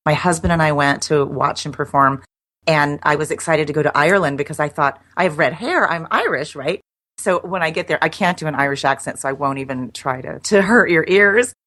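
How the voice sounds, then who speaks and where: A woman's voice: sits low, fairly quick, fairly bright tone. A middle-aged woman guest chatting casually in an interview, laughing often and restarting her sentences. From United States.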